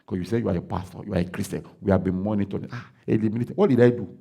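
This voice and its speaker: A Nigerian man, a pastor, preaching a sermon and acting out the dialogue of a story he tells, breaking into loud declarations. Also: fairly low pitch, rapid-fire, creaky, breathy edge.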